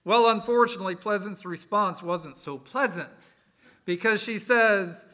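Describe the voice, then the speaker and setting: A man's voice: high-pitched, unhurried, bright, forceful tone. A man preaching a sermon, explaining words in a conversational way with folksy asides. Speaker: pastor.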